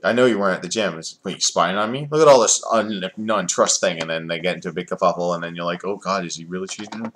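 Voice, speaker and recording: A man's voice: low-pitched, fast talker, hardly any pauses, fairly bright tone, a little hiss or hum. Sarcastic, rambling man reviewing wrestling. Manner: rambling, sarcastic, many fillers. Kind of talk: casual review chat.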